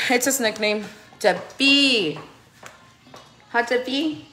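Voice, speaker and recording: A woman's voice: fairly high pitch, extremely slow, sharp tone, faint music behind. A woman in her thirties chatting casually to camera at home, laughing often and slipping into Spanish with her kids. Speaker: vlogger and mother. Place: family home.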